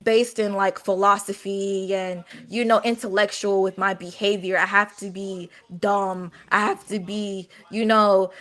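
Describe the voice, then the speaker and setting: A woman speaking earnestly in a casual group conversation, halting with many fillers. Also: mid-range voice, steady tone, a bit bright. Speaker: guest.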